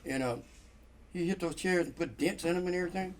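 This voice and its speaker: This man has a high-pitched voice and a quick pace. In casual chat, the guest storyteller works through a long funny story with animation, acting out the people's voices and laughing a great deal.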